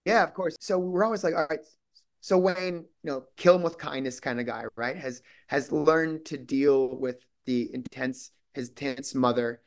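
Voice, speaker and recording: Male guest actor, mid-pitched, loose rambling delivery full of restarts. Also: normal speed. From Minnesota. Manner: rambling, many restarts and quoted asides. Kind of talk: casual interview chat.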